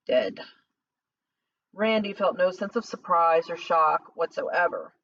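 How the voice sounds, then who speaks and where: A woman narrating a novel as an audiobook, in a measured, dramatic reading. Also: fairly low pitch. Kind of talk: scripted narration. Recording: slightly distant dull lo-fi recording.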